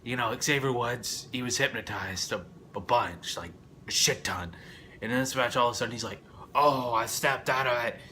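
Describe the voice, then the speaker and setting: A young man rambling through a casual wrestling review, swearing often and breaking into loud outbursts. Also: mid-range voice, normal speed, a little hiss or hum.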